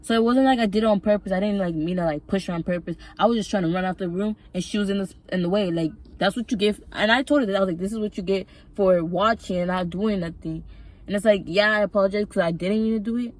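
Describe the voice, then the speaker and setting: A woman's voice: mid-range voice, very fast, hardly any pauses. A woman telling a personal story in a casual vlog, rambling and swearing freely. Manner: rambling, profane, emotional storytelling. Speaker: vlogger.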